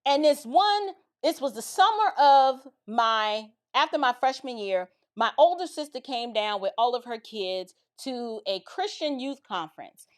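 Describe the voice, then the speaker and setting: A woman tells a story from her own life in a relaxed, chatty way. Her voice sits high and swings widely as she builds the drama and keeps turning to her listeners with asides. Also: measured pace, few pauses. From the Bronx, New York. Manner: animated, dramatic retelling with lots of asides to the listener. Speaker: commentator telling a personal story. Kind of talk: casual storytelling.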